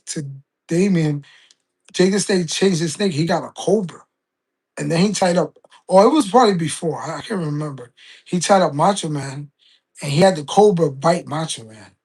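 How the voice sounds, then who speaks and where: A man's voice: fairly high pitch, a little mellow, breathy edge. A man, chatting casually on a live stream and rambling through stories full of fillers and restarts. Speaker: game streamer.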